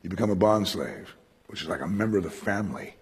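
A man, a pastor, teaching a verse-by-verse Bible sermon in a conversational way, asking his listeners questions and swinging between loud emphasis and quiet asides. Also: sits low, animated, fast talker, husky. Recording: echoey hall with long reverb.

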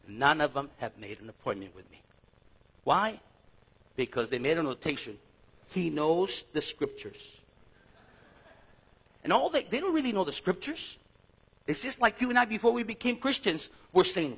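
A middle-aged man teaching a Bible class in a lively sermon style, telling stories and acting out conversations. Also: high voice, normal speed, creaky, slightly rough. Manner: animated storytelling, acts out conversations, frequent restarts.

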